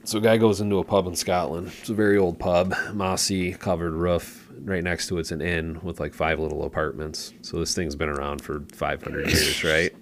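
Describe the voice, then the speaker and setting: Super deep voiced podcast guy, casual storytelling, drops low for punchlines, bit of hiss behind. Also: level tone, moderate pace, hardly any pauses. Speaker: podcast co-host.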